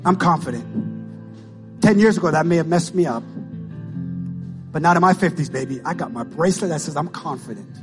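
A pastor in his fifties preaching an impassioned sermon, calling out to the congregation and rising into shouts. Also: fairly high pitch, expressive, brisk, pauses often, music in the background. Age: 50s. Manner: impassioned, call-and-response preaching.

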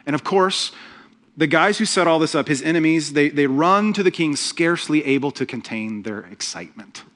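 A man preaching a sermon as pastor, telling the story with humor and lively asides. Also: fairly high pitch, normal speed.

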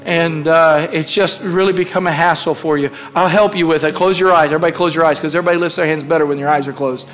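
Fervent high-voiced male pastor preaching. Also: fairly even intonation, fast, hardly any pauses, a bit bright, faint music behind. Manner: fervent, repetitive calls to the congregation. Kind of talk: sermon.

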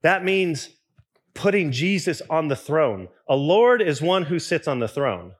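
A young man preaching a sermon in a relaxed, conversational way, with restarts and asides to the congregation. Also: fairly high pitch, unhurried. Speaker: pastor.

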